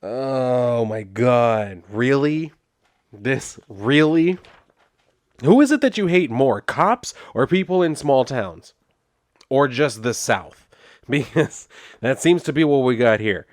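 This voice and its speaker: A man recapping a comic book issue in a loose, rambling way, full of "like" and "I guess." His tone is sarcastic and exasperated, and his voice sits at an average pitch for a man. The recording is dry and close, with no room echo. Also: big pitch swings, takes it slowly, long pauses. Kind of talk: casual recap and review.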